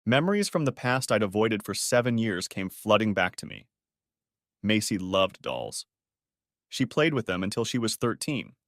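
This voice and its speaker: A man narrating a dramatic first-person family story audiobook in an expressive, emotional way. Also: fairly low pitch, normal speed, no echo, clean studio sound.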